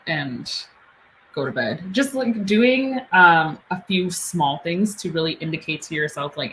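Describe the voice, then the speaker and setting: Low-voiced woman guest, casual chat. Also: a little slow, hardly any pauses, a little hiss or hum, rough recording. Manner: relaxed, filler-heavy chat. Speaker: podcast guest.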